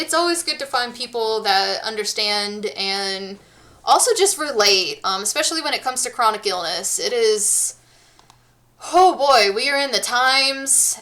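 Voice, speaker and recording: A woman's voice: mid-range voice, bright, forceful tone. A woman in her thirties from the United States, chatting casually with her stream viewers and rambling along with many restarts and fillers.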